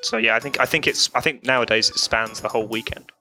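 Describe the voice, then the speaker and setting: A man's voice: mid-range voice, fairly even intonation, fast talker, sharp tone, soft background music. A man chatting casually on a gaming podcast, making dry joking asides. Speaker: podcast co-host. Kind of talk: casual chat.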